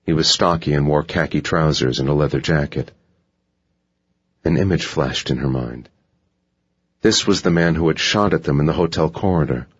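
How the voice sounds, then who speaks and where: Man, extremely deep voice, husky, steady thriller narration, dull lo-fi recording. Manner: steady, measured reading. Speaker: audiobook narrator.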